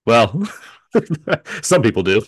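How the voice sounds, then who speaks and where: A man hosting a film podcast, chatting in a relaxed, hedging way and chuckling often. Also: mid-range voice, slow pace, slightly rough, dry recording. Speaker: podcast host. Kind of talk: casual podcast chat.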